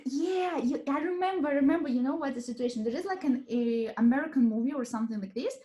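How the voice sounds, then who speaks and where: A woman's voice: sits high, lively intonation, fast talker, few pauses, dark tone. A woman with a light Russian accent, a native Russian speaker, hosting a casual chat full of fillers and laughter. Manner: chatty, lots of fillers and laughs. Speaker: host. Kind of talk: casual conversation.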